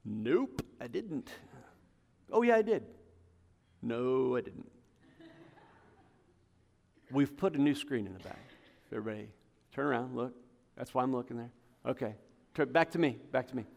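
Passionate preacher in a reverberant church. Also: male voice, expressive, measured pace, vocal fry, pauses often, darkish tone. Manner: passionate, rising to emphatic peaks then dropping low. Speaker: pastor. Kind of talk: sermon. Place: church hall with congregation. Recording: long hall reverb.

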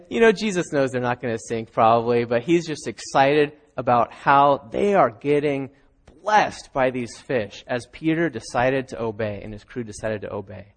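A man preaching a sermon from a church stage, telling the story with lively, acted-out scenes. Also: fairly high pitch. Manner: animated storytelling, acting out characters with raised voice. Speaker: pastor.

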